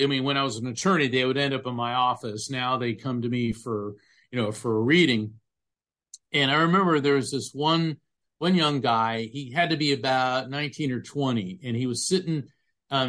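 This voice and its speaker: A man's voice: mid-range voice, a bit bright. Earnest man telling a story. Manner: earnest, emphatic, describes sensations vividly. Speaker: psychic medium, former attorney. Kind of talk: conversational interview storytelling.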